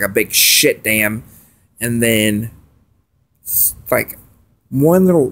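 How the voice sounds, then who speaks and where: A man venting in a profane, agitated late-night vlog rant that swings between loud outbursts and quiet mutters. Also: mid-range voice. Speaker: vlogger.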